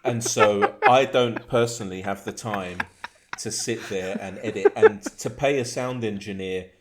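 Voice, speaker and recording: A man hosting a podcast with a fairly low voice, chatting loosely and cracking up often. He swears freely and reads messages aloud in a joking, offhand way. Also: measured pace, heavy background noise. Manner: swearing, laughing, reading chat messages aloud. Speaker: podcast host. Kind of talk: casual chat.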